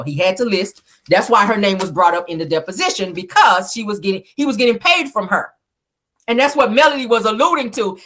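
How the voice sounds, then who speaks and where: A sassy woman dishing gossip in a lively, bright voice. She laughs a lot, acts out what people said, and her pitch leaps around as she talks. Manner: thanks viewers for stickers mid-talk. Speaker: reality TV recap host. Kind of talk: casual gossip commentary.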